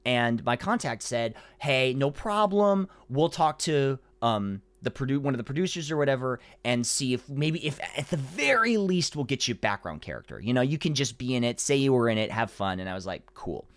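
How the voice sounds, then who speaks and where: Lively man telling a story. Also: medium pitch, fairly quick, few pauses, dry recording. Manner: animated storyteller, acts out quotes, frequent "you know" fillers. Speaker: voice actor guest. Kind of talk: casual interview chat.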